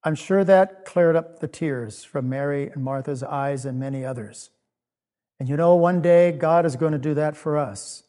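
Gentle man giving a children's object lesson. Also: fairly high pitch. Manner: gentle, asks the children questions. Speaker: children's minister.

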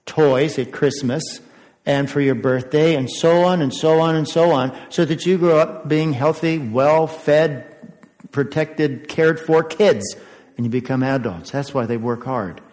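Speaking in a mid-range, darkish voice at a slightly slow pace, an older pastor gives a children's sermon. He is chatty, quizzes the kids and chuckles often, and the echoey church sanctuary carries his words.

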